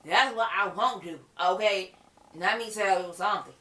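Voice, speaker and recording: A woman recapping a TV episode in casual chat, animated and exclaiming, with laughs between her remarks. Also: medium pitch, moderate pace, roomy sound, a little hiss or hum. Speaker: TV episode reviewer.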